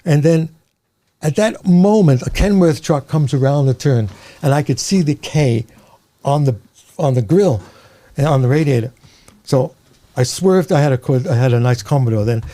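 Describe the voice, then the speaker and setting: An older man from New York with a New York accent, telling rambling, animated stories as an interview guest and laughing along. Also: on the high side, moderate pace. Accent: American, New York. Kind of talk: casual storytelling.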